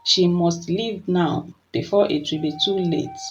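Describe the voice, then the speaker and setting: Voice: medium pitch, fairly even intonation, unhurried, muffled recording, a little hiss or hum, lightly acted. A storyteller voicing an old, wise priestess giving a solemn instruction.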